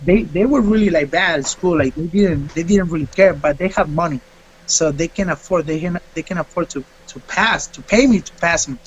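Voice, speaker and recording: A man, a fighter being interviewed, telling a story in a casual, animated way and acting out what people said. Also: on the high side, brisk, lo-fi sound, slight background noise. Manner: animated, acts out quotes.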